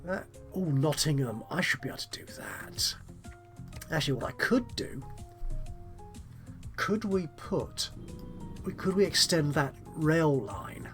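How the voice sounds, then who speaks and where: Slow, musing man. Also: on the high side, very animated, a bit bright, faint music behind. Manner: musing, self-deprecating, politely chatty. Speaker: let's play host. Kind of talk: gameplay commentary, thinking aloud.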